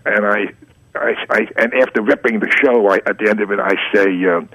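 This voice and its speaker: A man's voice: on the low side, brisk, fairly bright tone. A man in his eighties, a guest on a radio interview, telling stories and acting out old conversations. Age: 80s. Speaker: guest, advertising art director. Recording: lo-fi radio recording.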